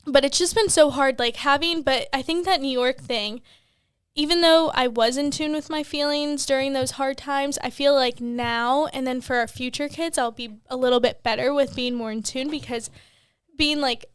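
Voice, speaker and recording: A woman's voice: high voice, steady tone, normal speed, dry recording. A young woman and new mom co-hosting a podcast, rambling candidly with lots of "like" and casual swearing. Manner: rambling, heavy on "like", swears freely.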